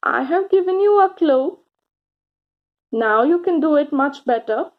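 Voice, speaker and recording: A woman teaching grammar to children, speaking slowly and encouragingly, stretching out key words and pausing for answers. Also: sits high, lively intonation, narrow, tinny audio. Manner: slow, encouraging, drawn-out words with pauses for answers.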